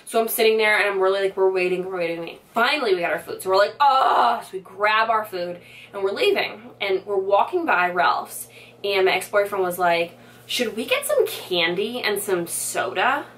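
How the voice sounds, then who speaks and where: A young woman vlogger telling a storytime tale in a lively way, full of "like" fillers, acting out what people said. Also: medium pitch, normal speed, distant mic. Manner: animated storytelling, many "like" fillers, acts out quotes. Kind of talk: storytime vlog.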